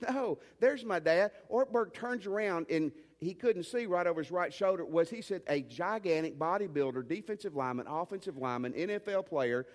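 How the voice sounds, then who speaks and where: A man with a high, bright preaching voice delivers a sermon in a church, his words trailing off into a long hall reverb. He swings between urgent, commanding emphasis and folksy, joking asides. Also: animated, moderate pace, few pauses. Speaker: pastor.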